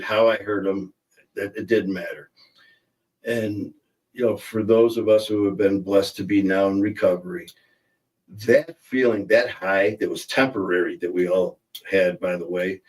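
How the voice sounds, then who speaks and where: A man's voice: fairly low pitch, distant mic, poor audio. A middle-aged man hosting a casual livestream, rambling and reading viewer comments aloud. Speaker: host.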